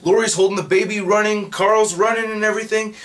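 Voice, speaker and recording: A man giving a casual, excited recap of a comic book, swearing freely and acting out the characters' lines. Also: high voice, a little fast, a little hiss or hum.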